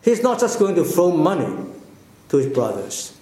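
A man preaching a sermon slowly and deliberately, with emphatic phrases that fall away at the ends. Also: high-pitched, big pitch swings, mellow, echoey room. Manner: slow, deliberate, with falling emphatic endings.

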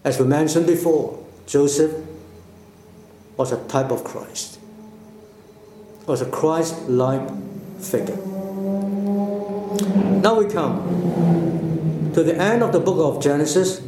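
Slow, deliberate preaching man. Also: a little high, dark tone, echoey room, a little hiss or hum. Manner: slow, deliberate, with falling emphatic endings. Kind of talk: sermon.

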